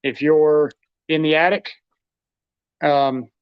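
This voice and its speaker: A man's voice: fairly high pitch, steady tone, slow pace, clean tone, no room sound. A man hosting a live tool demonstration, talking casually while he handles his gear. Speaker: host demonstrating tools. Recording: dull lo-fi livestream audio.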